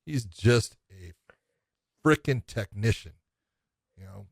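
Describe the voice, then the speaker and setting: A man's voice: on the low side, expressive, takes it slowly, vocal fry, dry recording, studio quality. A middle-aged man co-hosting a casual podcast about fighting, talking with enthusiasm, repeating himself and swearing casually. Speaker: podcast co-host. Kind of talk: casual MMA podcast chat.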